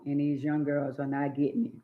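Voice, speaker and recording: A woman's voice: deep voice, little pitch movement. An older woman, scolding in a blunt, preachy monologue on her channel. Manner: drawn-out emphatic words. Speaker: channel host. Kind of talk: opinionated monologue. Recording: dull lo-fi phone audio.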